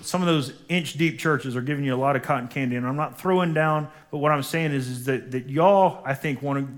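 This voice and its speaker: An emphatic pastor preaching to his congregation in a church. His voice sits at a middling pitch, and he calls out for the people to repeat lines after him. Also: a little fast. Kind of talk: sermon. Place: church sanctuary.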